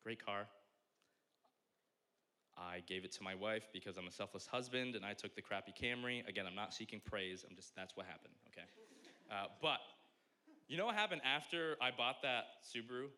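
A man's voice: fairly low pitch, moderate pace. A young adult man giving a casual, conversational sermon as a pastor, joking at his own expense. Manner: conversational, self-deprecating, animated.

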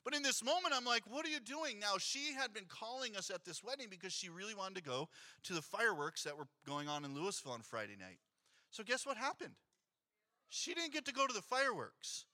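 A pastor in his thirties delivers a sermon in a church with a very bright, ringing voice. He sits high for a man and tells stories with animation, slipping into the voices of the people he quotes. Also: fairly quick. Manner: storytelling, animated, acts out quotes. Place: church sanctuary.

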